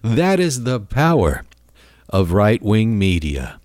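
A male radio host delivering a loose, sardonic monologue, often chuckling to himself. His pitch swings lively up and down. The sound is dry and close. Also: slow, no echo. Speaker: radio talk show host.

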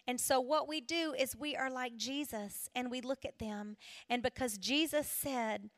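A woman tells stories at a Christian conference, acting out the voices she quotes. Her voice sits high and rings bright and forceful. The sound is close and dry. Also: measured pace, dry recording. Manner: animated storyteller who acts out quoted voices. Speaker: Christian conference speaker and singer. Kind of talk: storytelling talk at a women's conference.

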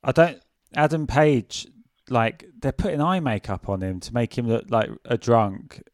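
Brief: male co-host, mid pitch, relaxed and questioning, dry close-mic sound. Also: measured pace, no room sound. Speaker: podcast co-host. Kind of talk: casual wrestling chat.

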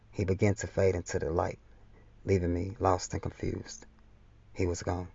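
A man reading his own novel aloud as first-person narration, in a steady, solemn way, on a slightly dull recording. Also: low voice, moderate pace, creaky, husky, dry recording.

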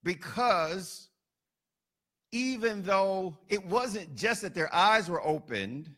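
A man's voice: high-pitched, expressive, takes it slowly, pushed and bright. A man preaching a sermon, building emphasis through repetition and dropping into casual asides. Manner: colloquial asides.

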